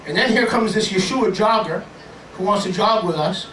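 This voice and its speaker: A high-pitched male pastor delivers an animated, joking sermon, slipping into little acted voices as he tells his stories. He sounds a bit distant from the microphone in an echoey worship hall, with faint room ambience behind him. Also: moderate pace, slight background noise.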